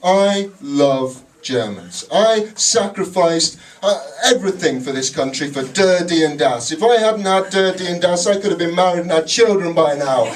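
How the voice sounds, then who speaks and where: A male stand-up comedian with a high, very lively voice tells a sarcastic story and shouts his punchlines. The sound is a noisy live club recording, with the mic well away from him. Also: moderate pace, few pauses, recorded from a distance. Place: comedy club stage before a laughing audience.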